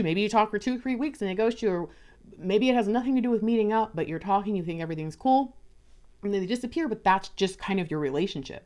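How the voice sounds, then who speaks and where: A woman giving a casual tarot card reading, chatty, often acting out little conversations in other voices. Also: mid-range voice. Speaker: tarot reader.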